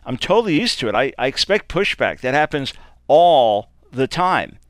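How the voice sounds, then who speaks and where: A man's voice: medium pitch, big pitch swings, moderate pace. A man hosting a radio talk show, speaking emphatically like a preacher, repeating key phrases and often restarting his words. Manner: frequent stammered restarts. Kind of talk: talk radio commentary and answering listener email.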